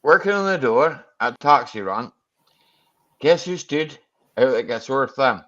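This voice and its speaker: A man's voice: mid-range voice, expressive, unhurried, fairly bright tone, lo-fi sound. A Scottish man hosting a casual live chat, blunt and sweary, who keeps checking in with "right? okay?". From Scotland. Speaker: livestream host.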